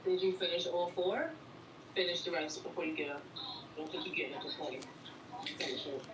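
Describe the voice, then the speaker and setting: Woman helper, lower voice, distant and echoey, noisy room. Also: steady tone, a little fast. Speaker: helper reading viewer comments. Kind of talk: casual chat. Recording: roomy, distant off-mic with noise.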